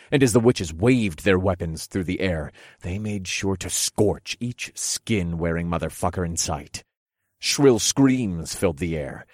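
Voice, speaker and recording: Brief: male audiobook narrator, deep, steady, dramatic, dry booth sound. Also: no room sound. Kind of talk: first-person audiobook narration.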